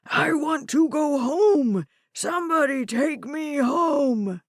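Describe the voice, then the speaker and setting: A woman voicing a confused, frightened old grandfather who screams and shouts in panic. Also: fairly high pitch, animated, slow, slightly rough, dry recording, clean studio sound, exaggerated voice. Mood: panicked.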